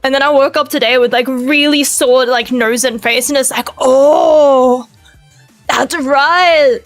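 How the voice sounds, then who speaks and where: A woman with an Australian accent chatting on a live stream, energetic, loud and rambling. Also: sits high, brisk, dry recording, soft background music, rough recording. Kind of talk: casual live-stream chat.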